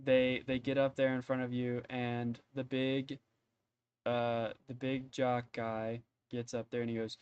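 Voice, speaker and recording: A man narrating as game master in a tabletop game, in a casual, halting way with many fillers. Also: mid-range voice, flat delivery, a little mellow, clear, resonant tone, muffled recording.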